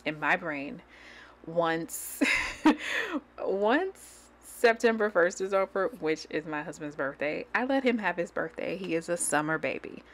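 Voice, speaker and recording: Low-voiced, chatty woman planner vlogger. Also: very animated, a little slow. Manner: chatty and rambling, gushing, with soft near-whispered asides. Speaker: planner channel host. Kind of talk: casual chat while decorating a digital planner. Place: at home. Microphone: desk microphone.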